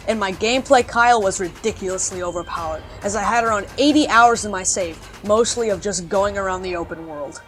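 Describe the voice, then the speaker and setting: A woman YouTuber delivering sarcastic, comedic video essay commentary and swearing casually. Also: mid-range voice.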